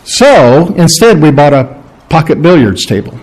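A man's voice: a little high, very animated, a little slow, background noise. A middle-aged man preaching a sermon in a conversational way, stopping to ask his congregation questions. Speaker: pastor.

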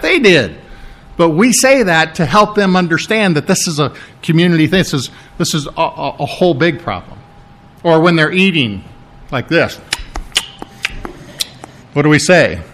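A man's voice: on the high side, fairly bright tone. A middle-aged man, a pastor preaching a sermon in a conversational, explaining manner, often repeating his words.

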